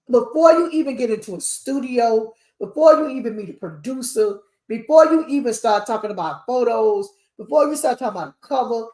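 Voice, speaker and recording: Animated woman in echoey room. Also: a little high. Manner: animated, preachy, sings snippets. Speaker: award show CEO. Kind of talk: casual panel chat.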